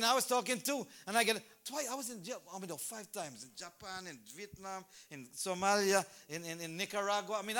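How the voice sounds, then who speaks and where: A man preaching in church, his voice pitched high and ringing bright. He tells the story with animation, acting out the scenes as he goes. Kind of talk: sermon. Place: church service.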